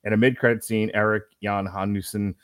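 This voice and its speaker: Low-voiced man reading a plot summary. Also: level tone, dry recording. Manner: halting read with self-corrections. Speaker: podcast co-host.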